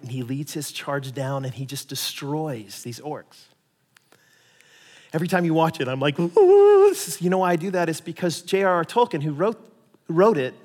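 A male pastor preaching a lively, conversational sermon with casual asides. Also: fairly high pitch, big-room sound. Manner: animated, conversational preaching with asides and paraphrased voices.

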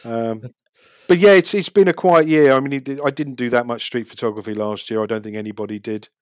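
A man's voice: mid-range voice, a little fast, darkish tone, dry recording, studio quality. A man, talking casually about street photography and city life, chatty with frequent restarts. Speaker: street photographer, podcast guest. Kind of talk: casual chat.

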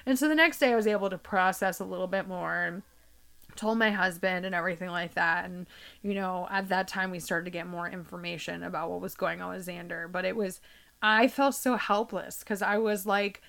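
Animated, swearing woman telling a story. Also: medium pitch, fairly quick, creaky. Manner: animated, swearing, acting out quoted dialogue. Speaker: podcast guest. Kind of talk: casual storytelling.

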